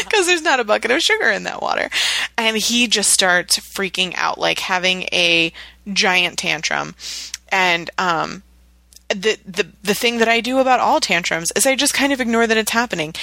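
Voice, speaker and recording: A woman's voice: medium pitch, no echo. A woman in her thirties co-hosting a podcast, sharing parenting advice in a chatty storytelling way. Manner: chatty, animated storytelling with acted quotes. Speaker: podcast co-host. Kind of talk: casual parenting advice chat.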